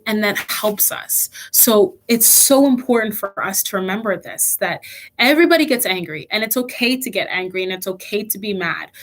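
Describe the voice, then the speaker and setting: A young woman leading a children's church lesson online, telling a personal story earnestly with frequent restarts. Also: mid-range voice.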